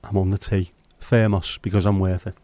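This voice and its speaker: A man's voice: low voice, flat delivery, moderate pace, warm tone, dry recording. A man hosting a casual livestream, chatting and joking with viewers as he reads their comments. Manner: chatty, joking, bantering with chat. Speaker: livestream host of a virtual pub.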